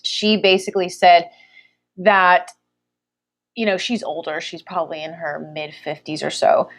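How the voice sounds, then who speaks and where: Low-voiced woman telling a rambling story. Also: measured pace. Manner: relaxed, rambling, hesitant storytelling. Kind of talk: casual chat.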